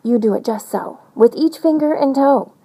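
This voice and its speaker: A woman reads a rhyming picture book aloud in a bouncy, sing-song way. Her pitch rises and falls widely from line to line. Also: moderate pace, breathy edge, rough recording. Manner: animated, sing-song storytelling. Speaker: storybook reader.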